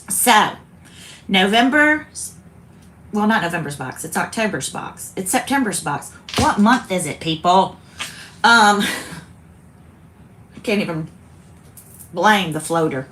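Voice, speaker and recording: A woman's voice: mid-range voice, fairly bright tone. Chatty woman host. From South Carolina. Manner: chatty, rambling, self-interrupting. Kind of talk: casual chat.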